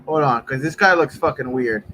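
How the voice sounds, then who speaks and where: A man's voice: medium pitch, moderate pace, bright, forceful tone, a little hiss or hum, poor audio. A man live streaming, chatting casually with viewers in a rambling, profane way.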